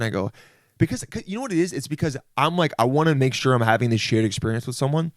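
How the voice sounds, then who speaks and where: A man's voice: mid-range voice, animated, fast talker, dry recording, studio quality. A young man hosting a podcast, delivering a rambling comedic solo monologue, often interrupting himself and saying "dude.". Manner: rambling, self-interrupting, says "dude" a lot. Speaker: podcast host.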